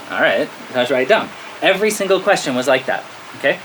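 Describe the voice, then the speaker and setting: An American man, a spiritual teacher, telling a story to his listeners in a lively way, often checking in with "okay?" and laughing at himself. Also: on the high side, fast talker. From United States. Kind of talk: storytelling talk to a spiritual audience. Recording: steady rain-like background noise.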